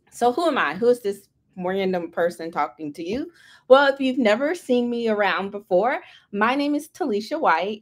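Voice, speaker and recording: A woman hosting a live stream, excited and chatty, greeting viewers and reading out the chat. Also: medium pitch. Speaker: livestream host, head of community. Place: Atlanta.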